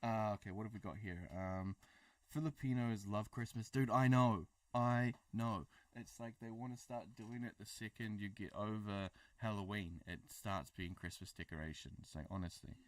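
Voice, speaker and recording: Joking New Zealand man, lowish voice. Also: moderate pace, dry recording, distant mic. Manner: joking, rambling, lots of fillers. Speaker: co-host of a livestream. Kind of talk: casual chat.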